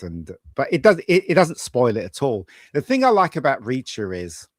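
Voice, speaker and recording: A man co-hosting a casual pub chat, rambling through animated opinions. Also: medium pitch, moderate pace, few pauses, no echo, clean studio sound. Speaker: co-host.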